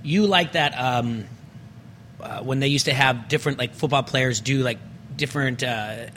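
An excitable man hosting a casual sports podcast, with a mid-pitched voice. He delivers hype-style intros and often stumbles and restarts his sentences. Faint noise sits under the recording. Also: moderate pace. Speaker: podcast host.

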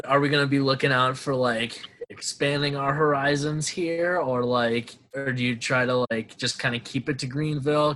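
Excitable male interviewer. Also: medium pitch. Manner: excitable, exclamatory, laughs often. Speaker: host, interviewer. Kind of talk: casual interview.

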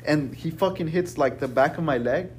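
A young man casually telling a rambling, profane story to friends, peppered with "bro" and "right?"; he says he is a little high. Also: normal speed, a little hiss or hum.

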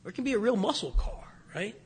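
A male priest giving a homily in a relaxed, conversational storytelling way, often restarting his sentences. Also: high-pitched, fast, slightly rough, in a large hall.

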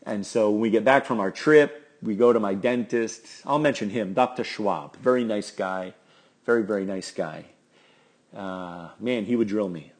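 A middle-aged man with a low, husky voice hosts his own podcast. He talks in a loose, rambling, self-deprecating way, like he is chatting with friends. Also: moderate pace. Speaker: podcast host. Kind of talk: casual solo podcast talk.

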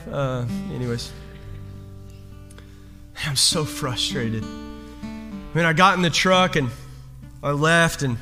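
A man preaching as a pastor, telling a personal story in an animated, self-deprecating way. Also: a little high. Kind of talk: storytelling sermon. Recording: long hall reverb with faint guitar.

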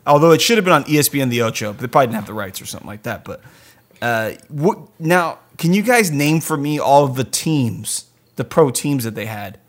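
A man's voice: mid-range voice, animated, a little fast. A man hosting a casual movie podcast, chatty and leading the questions, swearing freely. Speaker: podcast host.

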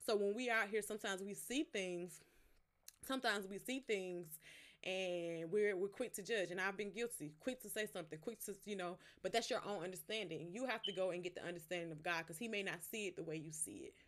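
A woman's voice: mid-range voice, a little fast. Woman giving a casual devotional talk. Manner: relaxed, conversational, talks straight to listeners; stops to explain words one by one. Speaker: podcast host.

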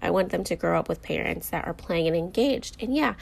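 A woman's voice: lowish voice, animated, a little fast, vocal fry, a little mellow, husky. A woman in her thirties hosting a podcast, talking candidly and emotionally through fillers and restarts, close to tears as she speaks. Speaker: podcast host. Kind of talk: personal podcast monologue.

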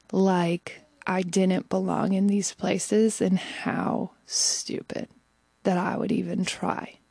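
A young adult woman telling a personal story in a candid, reflective monologue, sometimes dropping to a hushed whisper. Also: mid-range voice, no room sound. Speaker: vlogger.

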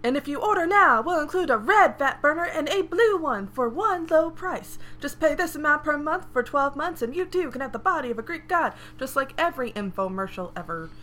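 A woman voicing a pushy male infomercial pitchman with over-the-top sales patter. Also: lively intonation, brisk, hardly any pauses, fairly bright tone. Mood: salesy.

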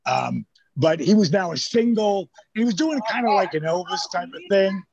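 High, gravelly older man telling stories. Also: lively intonation, moderate pace, a little mellow, no echo, lo-fi sound. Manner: rambling, profane, acts out quoted lines. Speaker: storyteller guest. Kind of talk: casual anecdotal storytelling.

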